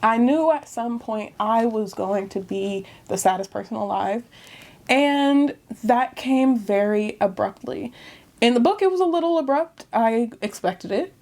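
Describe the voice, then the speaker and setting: A woman chatting casually to camera as she reviews a book, animated and talkative, often laughing between remarks. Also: a little high, unhurried.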